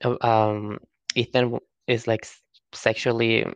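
Creaky, sassy-talking man. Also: mid-range voice, little pitch movement, measured pace, dry recording. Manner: chatty, profane, sassy slang. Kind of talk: casual gossip commentary.

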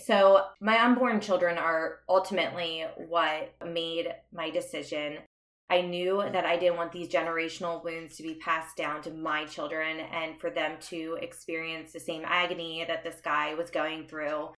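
With a low, level, fairly bright voice at a moderate pace, a young adult woman opens up about her own story as a podcast guest. Sincere and reflective, she laughs now and then; the audio carries a roomy echo.

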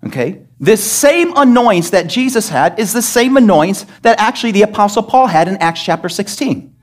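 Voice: mid-range voice, animated, moderate pace. A pastor preaching a sermon to a congregation, emphatic and pressing them with questions. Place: church service.

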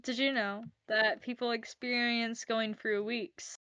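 Giggly woman in slow playful chat. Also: on the high side, flat delivery, bright, forceful tone, clean tone, dry recording. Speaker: podcast co-host. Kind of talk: casual chat.

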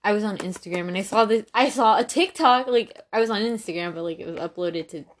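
A woman's voice: mid-range voice, fast talker. A young woman hosting a casual podcast, telling a story in a rambling, giggly way, full of "like", recorded on a phone. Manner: rambling, giggly, heavy use of "like". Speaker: podcast host. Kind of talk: casual chat.

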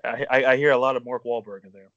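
A man hosting a sports talk show, emphatic and quick with statistics. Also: mid-range voice, level tone, a bit bright, no room sound, lo-fi sound. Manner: emphatic, rapid-fire stats.

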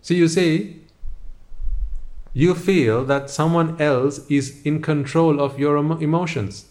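A man's voice: a little high, fairly even intonation, slow, darkish tone. A man giving a motivational talk, speaking straight to the listener with a stream of rhetorical questions.

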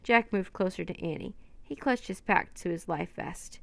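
A woman reading a children's adventure chapter book aloud, in steady narration with light character voices. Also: on the low side, moderate pace, vocal fry, dry recording. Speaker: storyteller.

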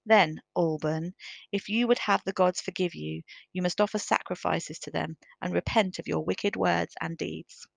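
Woman voicing storybook Roman governor, angry, low gravelly voice. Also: steady tone, moderate pace, no echo. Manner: demanding, shouting orders.

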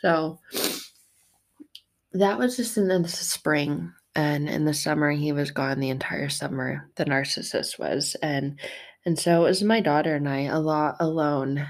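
A woman telling an emotional personal story, raw and tearful at times, swinging from hushed to loud. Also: deep voice, steady tone, a little slow.

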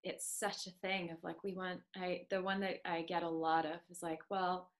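A woman's voice: fairly low pitch, level tone, normal speed. A woman working as an accent coach, explaining her views firmly in a podcast conversation. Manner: firm, opinionated explanations.

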